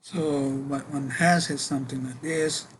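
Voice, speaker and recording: A man giving a university physics lecture, working through equations in a halting way with many fillers and self-corrections. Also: a little high, fairly even intonation, slight background noise, low-quality recording.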